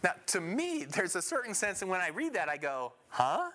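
A man's voice: high-pitched, big pitch swings, brisk, sharp tone, slight background noise. A man teaching a Bible passage verse by verse. He emphasizes key phrases and puts questions to his listeners before answering them himself.

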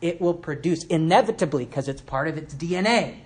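With a high-leaning, breathy voice and a fairly quick pace, a man preaches a church sermon centered on a Bible passage. He chats with the congregation, asks them questions, makes asides, and dramatizes the words of quoted figures.

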